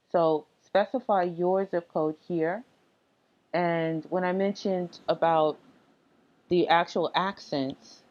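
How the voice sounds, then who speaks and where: A woman with a somewhat low voice walks through software setup on a casual screen recording. She explains in a relaxed, halting way, with plenty of fillers. The audio is dull and lo-fi. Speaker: tech tutorial presenter.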